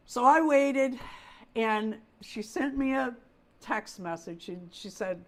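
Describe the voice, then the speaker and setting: Chatty woman telling a story, fairly high voice. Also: measured pace. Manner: chatty storyteller, talks with feeling. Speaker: host of a doll livestream. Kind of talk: casual livestream chat.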